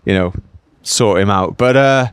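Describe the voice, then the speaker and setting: A professional cyclist from Wales, in his late thirties, talks at a measured pace in a smooth, lowish voice with no echo. It's a casual post-race interview, and he rambles with frequent "like" and "mate."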